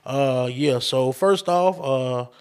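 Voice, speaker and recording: A man's voice: mid-range voice, takes it slowly, a little mellow, smooth. A man hosting his own podcast, ranting casually and profanely straight to his listeners. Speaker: podcast host. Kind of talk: casual solo podcast rant.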